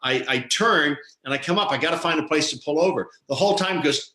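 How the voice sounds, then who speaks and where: Male talk show co-host, lively storyteller, bright tone, roomy sound. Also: a little high, quick pace, hardly any pauses. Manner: animated storyteller, acts out quoted voices.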